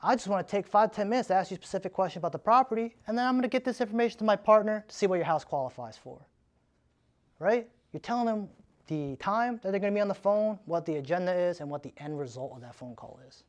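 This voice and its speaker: A man giving a live sales training in a casual, energetic way, often tagging his points with "right?". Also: sits high, quick pace.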